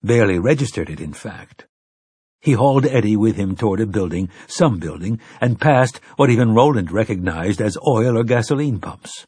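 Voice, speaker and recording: A man reading an audiobook aloud, telling the story in a measured, dramatic way. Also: lowish voice, expressive, darkish tone, breathy edge, dry recording, clean studio sound. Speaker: audiobook narrator. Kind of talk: scripted narration.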